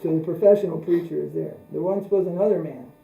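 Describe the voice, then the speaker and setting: A man giving a religious lecture as a spiritual teacher, speaking in a measured, repetitive, anecdotal way, recorded in an echoey room with a mains hum. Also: on the high side, vocal fry, phone-quality sound.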